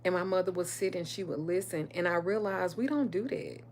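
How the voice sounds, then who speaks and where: Hosting a casual livestream, this middle-aged spiritual reader shares stories from her own life in a drawl, pitched a touch lower than typical for a woman. Her delivery is fairly quick and a little mellow, candid and emphatic with plenty of swearing, while a faint hum sits under her voice.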